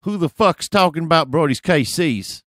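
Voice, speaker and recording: A man voicing a menacing, aggressive young male thug who shouts profane challenges. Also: a little high, lively intonation, normal speed, no room sound, clean studio sound, pitched above the performer's own voice. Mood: menacing shouting.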